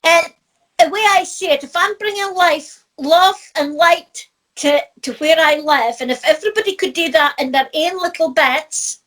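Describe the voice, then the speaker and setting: A woman's voice: very high voice, normal speed. A middle-aged woman with a Scottish accent, a spiritual teacher chatting casually and laughing often as she tells stories. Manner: lively storyteller who laughs often. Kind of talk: casual chat.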